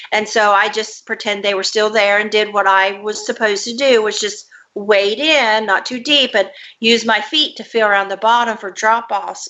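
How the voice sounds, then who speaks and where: Woman, interview guest, earnest detailed storyteller, bright voice, muffled lo-fi recording. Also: medium pitch. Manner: earnest, detailed recounting with fillers. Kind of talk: personal storytelling. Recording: dull lo-fi audio.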